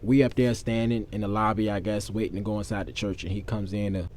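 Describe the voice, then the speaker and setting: A man's voice: on the low side, fairly even intonation, fast talker, a little mellow, a little hiss or hum. A young man telling a personal story to his viewers in a candid, profane, conversational way. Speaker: vlogger. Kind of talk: casual storytelling.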